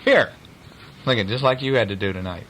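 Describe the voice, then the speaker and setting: A man's voice: on the low side, fairly quick, fairly bright tone, slight background noise, close to an everyday voice, rough recording. A man voicing a small, polite, earnest mouse boy who talks in a kindly, fussing way.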